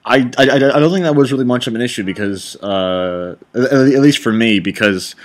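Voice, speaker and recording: A man's voice: medium pitch, moderate pace. A man directing and hosting a casual commentary chat, rambling and enthusiastic as he talks.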